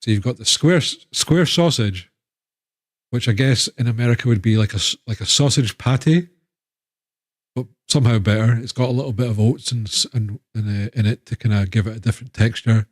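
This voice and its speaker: A man's voice: mid-range voice, fairly quick, dry recording, clean studio sound. A man with a Scottish accent, chatting casually and rambling on a live stream. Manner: chatty, rambling, self-interrupting.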